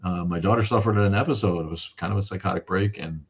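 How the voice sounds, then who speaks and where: Gravelly and low, this fast-talking middle-aged man hosts a casual livestream. He reads viewer comments, thanks his audience, and rambles through profanity-laced rants.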